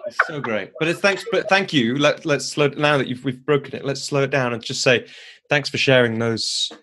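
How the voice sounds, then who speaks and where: A man hosting a podcast interview, affirming his guest and gently steering the conversation with reflective remarks. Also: medium pitch, normal speed, very noisy. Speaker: podcast host.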